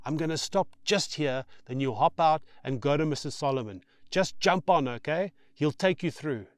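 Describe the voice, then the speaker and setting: A man voicing a friendly, warm-hearted truck driver who calls out excitedly. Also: on the high side, normal speed, no echo, pitched above the performer's own voice, natural voice. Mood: excited, encouraging. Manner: excited calling out.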